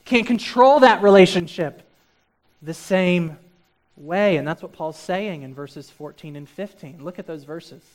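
A male pastor preaching a sermon, shifting between quiet, reflective asides and loud, emphatic stretches. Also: a little high, a little slow.

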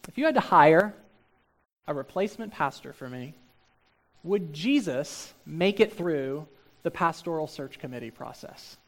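A male pastor preaching a sermon, shifting between quiet, reflective asides and loud, emphatic stretches. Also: a little high, lively intonation, unhurried.

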